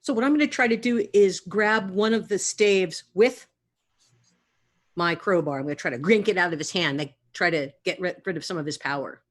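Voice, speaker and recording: A woman playing a tabletop game, eager and quick in her talk. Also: lowish voice. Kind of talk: casual chat.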